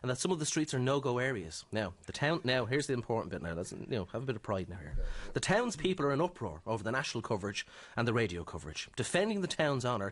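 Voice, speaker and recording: An Irish man, producer of a breakfast radio show, reads a news story aloud in a mock-stern tone. He talks fast at a mid pitch, speaking from a studio. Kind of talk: mock-serious reading of a news story on air.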